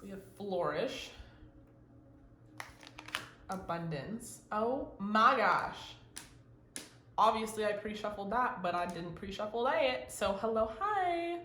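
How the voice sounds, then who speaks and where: Excitable woman reading tarot in an echoey room. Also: mid-range voice, slow pace, long pauses. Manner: excitable and gushing, swears casually. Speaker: tarot reader. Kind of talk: casual pick-a-card tarot reading. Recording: roomy echo with faint ambient noise.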